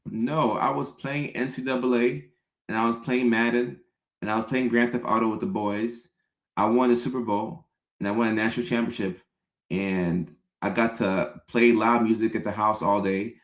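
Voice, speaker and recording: A man's voice: medium pitch, normal speed. A young man, a comedian host, riffing casually with viewers and slipping into mock-pleading voices for his bits. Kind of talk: casual comedic riff to chat. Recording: echoey room.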